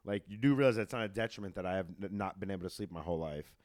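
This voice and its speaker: A man from New York with a lowish voice chats casually as a comedian, blunt and animated, laughing through his stories. The sound is dry and close. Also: racing, no echo. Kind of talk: casual chat.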